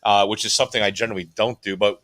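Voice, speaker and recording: Man chatting on a stream, bright voice, rambles and restarts a lot, auction owner. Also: on the low side, steady tone, rapid-fire. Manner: rambling, lots of fillers and restarts. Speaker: auction house owner, guest. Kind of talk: casual chat on a live stream.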